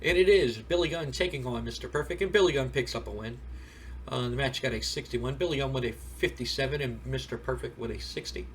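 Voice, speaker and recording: A man's voice: mid-range voice, brisk, slight background noise. A man casually recapping a wrestling simulation game playthrough in a rambling, storytelling way. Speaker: game streamer.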